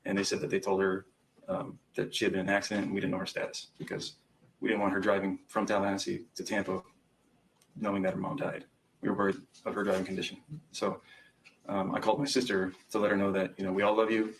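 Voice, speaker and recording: Young male witness on the stand, gravelly low voice, hesitant recounting. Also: monotone, fast talker, a little hiss or hum, poor audio. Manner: hesitant, recounting events with frequent ums. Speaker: trial witness. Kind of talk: courtroom testimony.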